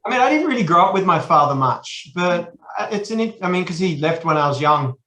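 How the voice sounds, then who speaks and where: A man's voice: high voice, big pitch swings, brisk, pushed and bright, echoey room. An Australian man in his forties, a podcast guest, talking casually and rambling with many restarts. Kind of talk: casual chat.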